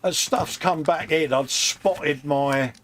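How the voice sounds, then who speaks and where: A man's voice: fairly high pitch, takes it slowly, a bit bright. Easygoing Englishman with faint hiss. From England. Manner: easygoing, banters, calls people mate. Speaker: co-host. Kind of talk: casual live-stream chat.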